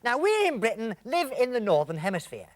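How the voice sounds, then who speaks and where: A man's voice: very high voice, huge pitch swings, fairly quick. A man presenting a comedy sketch as the patient straight man, explaining things in a comic double act.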